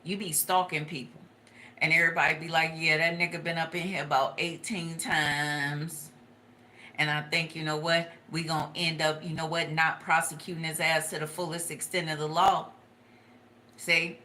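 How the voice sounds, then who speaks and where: A woman gives an animated, foul-mouthed tarot reading and often breaks into laughter. Her voice sits a little low but sounds bright and sharp. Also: normal speed, a little hiss or hum. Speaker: tarot reader.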